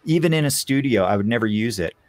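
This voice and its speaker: A man guesting on a podcast, chatting casually and telling candid, animated stories. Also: medium pitch, fast talker, background noise.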